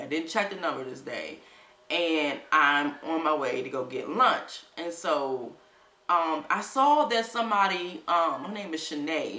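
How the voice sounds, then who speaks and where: Woman vlogger, casual storytelling, gravelly fry, bright tone. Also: deep voice, roomy sound, far from the mic. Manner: animated, quotes people in livelier voices.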